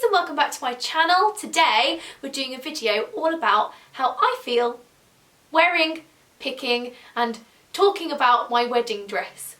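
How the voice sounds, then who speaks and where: A young woman in her twenties, chatting casually to camera in a bubbly, animated way, acting out her own past thoughts. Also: fairly high pitch. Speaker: vlogger. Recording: roomy echo, a bit distant from mic.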